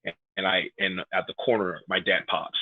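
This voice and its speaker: The guest is a pro wrestler in his thirties, a New Yorker raised in Atlanta, telling stories on a casual podcast interview. His voice is low and his pace normal, and he acts out the quotes with animation. The recording is dry, with a tinny, phone-like sound.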